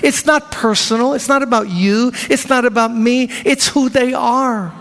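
A man preaching a sermon to a church congregation, animated and acting out the voices of the people in his story. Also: very high voice, moderate pace. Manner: animated, acts out voices of biblical figures. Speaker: pastor. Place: large church hall. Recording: reverberant church hall.

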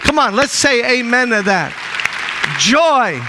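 A man's voice: very high voice, sing-song, slow, big-room sound, over a noisy crowd, very noisy. A male minister preaching a sermon in church, emphatic and urging the congregation with repeated calls and refrains.

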